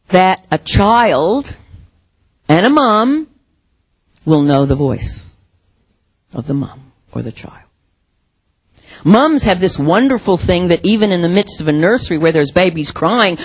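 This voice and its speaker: A middle-aged woman preaching a sermon, expressive, with soft dramatic pauses. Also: on the low side, breathy edge, no echo.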